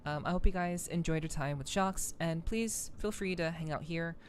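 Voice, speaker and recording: Low-voiced congested woman streamer. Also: moderate pace, a little hiss or hum. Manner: friendly greetings, many fillers and doubled words. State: congested, stuffy nose. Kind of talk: casual live-stream chat while gaming.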